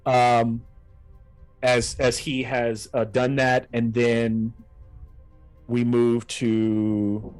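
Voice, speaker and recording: A man narrating as game master of a tabletop game over an online call, with halting, descriptive narration full of restarts. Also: medium pitch.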